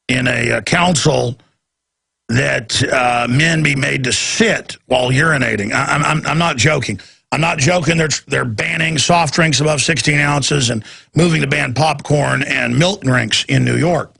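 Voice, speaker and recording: A man's voice: mid-range voice, vocal fry, bright, forceful tone, breathy edge, no echo. A man hosting a talk show, ranting in a heated, repetitive and sarcastic way. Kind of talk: ranting talk radio monologue.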